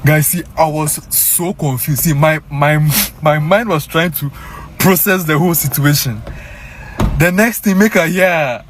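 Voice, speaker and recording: A young man casually telling his viewers a story, animated and peppered with "guys" and "bro.". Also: a little high, unhurried, a little hiss or hum. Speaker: vlogger.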